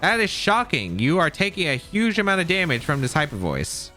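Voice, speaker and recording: A man's voice: a little high, huge pitch swings, fairly quick, bright, forceful tone, faint music behind. A man giving live commentary on his own competitive match, thinking aloud and second-guessing his plays. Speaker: competitive game player.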